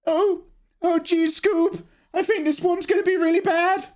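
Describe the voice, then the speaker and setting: A jittery cartoon slacker. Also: male voice, steady tone, measured pace, a little mellow. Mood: nervous. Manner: high, cracking, jittery. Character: lanky nervous young cartoon slacker man.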